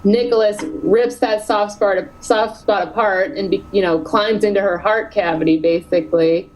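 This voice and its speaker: A woman author in her thirties chatting in an interview, animated and quick to laugh. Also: mid-range voice, low-quality recording. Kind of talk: casual interview chat.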